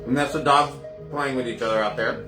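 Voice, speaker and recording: A man's voice: medium pitch, steady tone, a little fast, echoey room, music in the background. A man hosting a casual live cocktail show from his kitchen, chatty and gushing as he greets viewers. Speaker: host of a home cocktail livestream.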